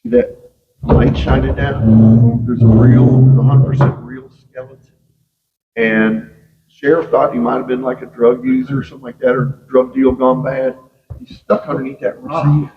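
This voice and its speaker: A man's voice: mid-range voice, flat delivery, normal speed, crowd noise. Joking tour guide man in a cave. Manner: joking storyteller, keeps addressing the group as "guys". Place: flooded underground limestone mine, on a boat. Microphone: camera of a visitor on the boat, some distance off. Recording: echoey cave, distant, dull, noisy.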